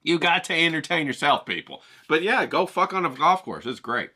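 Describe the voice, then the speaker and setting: A man's voice: a little high, sing-song, fairly quick, pushed and bright, breathy edge. A man telling a crude comic story in a brash, profane, rambling way, as a vlogger who paints.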